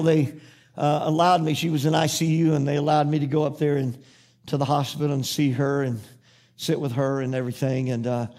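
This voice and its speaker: A pastor with a slightly high, somewhat mellow voice preaches a sermon with impassioned, rhythmic repetition. He shifts from fervent repeated phrases into folksy stories from his own life.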